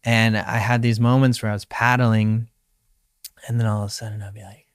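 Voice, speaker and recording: Relaxed young surfer man, smooth voice. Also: mid-range voice, fairly quick, dry recording, studio quality. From Hawaii. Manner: relaxed, reflective, acts out his own inner voice. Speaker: professional surfer, guest. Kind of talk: casual interview storytelling.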